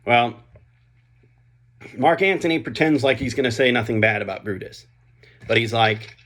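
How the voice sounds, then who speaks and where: A man's voice: mid-range voice, normal speed, long pauses, a bit bright. Chatty man casually retelling a story. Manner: chatty, with frequent fillers and asides. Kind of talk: casual spoken plot summary.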